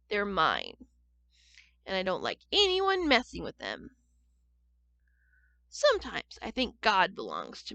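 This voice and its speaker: A woman reading a children's picture book aloud at church, gentle and expressive, pausing to ask the listening children questions. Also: medium pitch, vocal fry, dry recording. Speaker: church storyteller.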